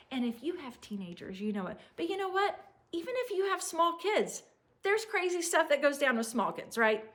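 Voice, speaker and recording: Chatty high-voiced woman vlogger. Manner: chatty, animated, laughs often, acts out quotes. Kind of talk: casual storytelling to camera.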